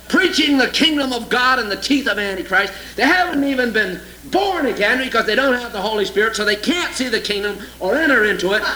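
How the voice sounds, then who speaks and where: High, sharp-voiced sarcastic male preacher. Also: a little hiss or hum, rough recording. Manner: sarcastic, mocking; animated, swinging from loud exclamations to low asides. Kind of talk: sermon with scripture reading.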